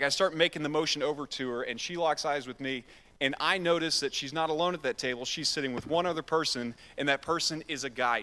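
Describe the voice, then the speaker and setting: A man preaches from the platform, telling his story in a loose, self-deprecating way. His voice is bright and forward. The sound rings with a long church-hall reverb. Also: medium pitch. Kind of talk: storytelling sermon. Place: church sanctuary.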